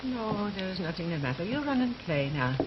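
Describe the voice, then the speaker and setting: An actress playing a gentle middle-aged Norwegian immigrant mother, with a Norwegian accent and measured phrasing. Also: medium pitch, big pitch swings, lightly acted. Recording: muffled, hissy 1950s television recording.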